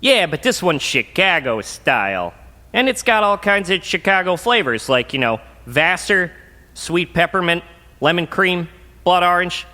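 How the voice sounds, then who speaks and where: A man's voice: sits high, sing-song, a little slow, pushed and bright, in a large hall, full character voice. An actor playing a goofy male exposition planner who talks with his mouth full of gum, chummy and loose.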